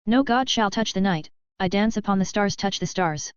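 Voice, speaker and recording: A woman's voice: medium pitch, normal speed, smooth, no room sound, lightly acted. A woman voicing a proud female spirit warrior who gives commands in archaic speech, on slightly dull lo-fi audio. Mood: commanding.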